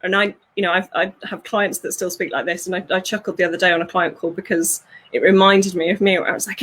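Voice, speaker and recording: A woman, working as a fulfillment coach, talks through ideas in an animated way, laughing often and acting out voices. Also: lowish voice, fast, slightly rough. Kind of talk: conversational interview.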